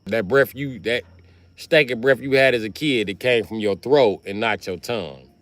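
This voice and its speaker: A man, telling crude comedic stories on a livestream and swinging between loud outbursts and muttering. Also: mid-range voice, normal speed. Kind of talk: rambling comedic storytelling.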